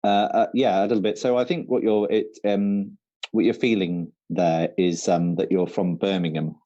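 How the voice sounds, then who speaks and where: Male quiz co-host from Shropshire: low, mellow, lively, hesitant, on lo-fi call audio. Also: normal speed. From Shropshire, England. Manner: hesitant, lots of ums and uhs, playful. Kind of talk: casual online quiz hosting.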